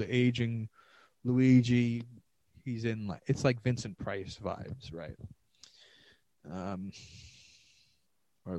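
Rambling, profane comedian talking solo. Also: male voice, on the low side, dark tone, no room sound, poor audio. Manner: rambling, profane, self-mocking. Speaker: comedian podcast host. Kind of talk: solo podcast monologue.

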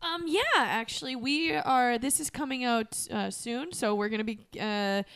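A woman's voice: on the high side, moderate pace, a bit bright, smooth. A woman chatting casually as a guest, upbeat and talkative. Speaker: improv performer guest. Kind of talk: casual chat.

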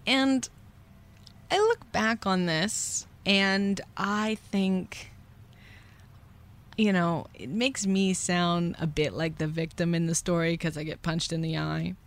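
Candid woman host with a lowish voice. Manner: candid, rueful, acts out voices in quick whispers and shouts. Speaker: podcast host. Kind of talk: confessional storytelling.

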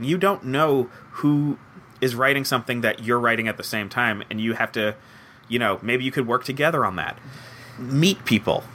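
A young man with a bright, forward voice talks through an interview about his writing job. He is animated and self-deprecating and acts out quoted lines in little voices. Faint background noise sits under the recording. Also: medium pitch. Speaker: head writer of a comedy show. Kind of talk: conversational interview answers.

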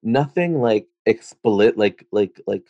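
A man's voice: fairly low pitch, animated, takes it slowly, dark tone, no room sound, muffled recording. A young man telling personal stories in a casual chat, rambling and full of "like". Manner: rambling, heavy on "like".

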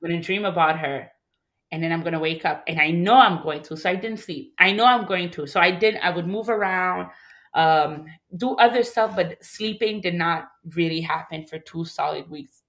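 A woman in her thirties from Montreal, telling a personal story as an interview guest in an emotional, halting way, restarting her sentences and acting out other people's voices. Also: fairly low pitch, a bit bright. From Montreal, Canada.

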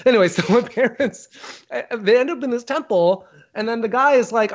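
A man in a casual podcast chat, telling a long story animatedly with profanity and quoted voices. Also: a little fast. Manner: animated, profane, acts out quotes with big pitch jumps. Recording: dull lo-fi sound.

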